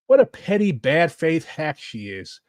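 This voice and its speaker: A man's voice: fairly high pitch, measured pace, no room sound, studio quality. A man giving casual, blunt political commentary while reacting to clips, swearing and saying "like" a lot. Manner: blunt, animated, swears, fillers like "like".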